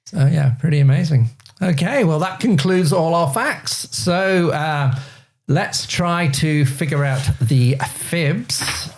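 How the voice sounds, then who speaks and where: A man's voice: on the high side, slow pace. Upbeat man presenting fun facts. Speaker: quiz show host. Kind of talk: casual panel chat.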